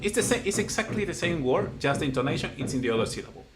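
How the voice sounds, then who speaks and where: A man's voice: a little high, sing-song, racing, noisy background. Man teaching patiently. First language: Spanish. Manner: patient, encouraging, repeats praise. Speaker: Spanish teacher. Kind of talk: casual one-on-one language lesson.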